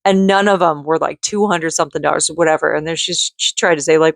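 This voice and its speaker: A woman's voice: deep voice, fairly even intonation, fast, vocal fry, dry recording. A woman venting in a casual vlog, rambling and frustrated, with lots of fillers and bursts of speech. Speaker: vlogger; mother and call center worker.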